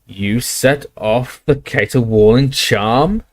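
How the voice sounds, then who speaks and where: A man voicing suspicious, menacing dark-wizard henchmen who talk curtly. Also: mid-range voice, takes it slowly, natural voice. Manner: curt, threatening.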